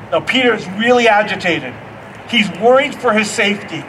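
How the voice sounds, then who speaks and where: A middle-aged man preaching a storytelling sermon as pastor, animated and acting out the voices in his stories. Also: high-pitched, moderate pace, far from the mic, slight background noise, rough recording.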